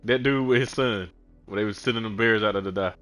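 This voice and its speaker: A man's voice: on the low side, quick pace, fairly bright tone, soft background music. Laid-back slangy male streamer. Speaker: gaming streamer. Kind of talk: casual gameplay commentary.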